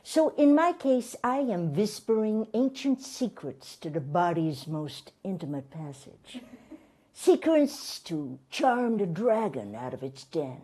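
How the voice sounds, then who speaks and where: Lady doing a sleazy middle-aged guru guy, husky and low, giggly, swoops up and down. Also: big pitch swings, takes it slowly, mellow, exaggerated voice. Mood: smug. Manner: smarmy, flirtatious, giggly. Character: lecherous fifty-year-old male European colon guru. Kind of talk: stage comedy sketch.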